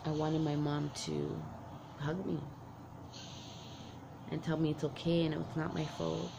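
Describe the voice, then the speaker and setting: Woman telling a candid story, gravelly. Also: low voice, flat delivery, a little slow, background noise. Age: adult parent. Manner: candid, rambling, heavy use of "like" and restarts. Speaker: vlogger. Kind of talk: personal confessional storytelling.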